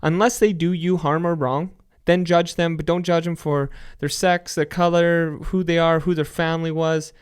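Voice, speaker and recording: Young man, fairly high voice, swears a lot, animated storyteller, casual podcast chat. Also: moderate pace, few pauses, clear, resonant tone. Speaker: podcast guest, DJ and runner.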